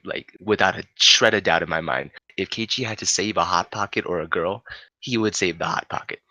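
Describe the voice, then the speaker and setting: A man's voice: low voice, sharp tone, husky, dry recording. A young man telling a long story to friends in a casual, profane way, laughing often. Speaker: storyteller on a podcast.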